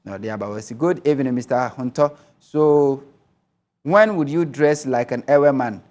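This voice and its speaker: A man's voice: medium pitch, a little mellow. A man with a Ghanaian accent, hosting a TV talk show and reading viewer messages aloud with Twi asides. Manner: brisk, reads texts aloud with Twi asides. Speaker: TV host.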